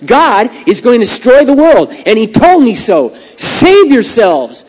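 A man's voice: very high voice, sing-song, a little slow, a little mellow, voice pushed up, exaggerated voice. A man voicing Noah, an ancient male preacher who pleads with his neighbors, in a hall with long reverb. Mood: pleading. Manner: earnest, pleading.

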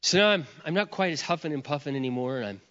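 A man's voice: on the high side, animated, fast talker, bright, forceful tone. A middle-aged man preaching a sermon, telling a personal story with self-mocking humor and acting out both sides of a prayer. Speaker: pastor. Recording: muffled sound in a big reverberant hall.

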